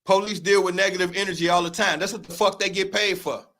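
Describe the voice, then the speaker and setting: Male livestream host, strikingly high, bright, forceful voice; heated, profane, emphatic commentary. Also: steady tone, fast. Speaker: show host.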